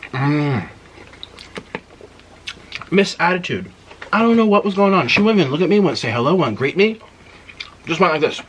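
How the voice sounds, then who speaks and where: A man hosting an eating video, retelling an annoying drive-thru visit in an indignant, animated way between bites. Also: on the high side, moderate pace, long pauses, a little hiss or hum. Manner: animated, indignant retelling with mouth-full murmurs. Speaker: mukbang host. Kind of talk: storytelling while eating on camera.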